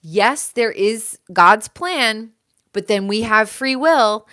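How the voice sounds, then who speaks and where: A woman's voice: fairly high pitch, animated, takes it slowly, a bit bright. A woman hosting her own live show, talking in a rambling, emphatic way full of "like". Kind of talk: casual livestream monologue.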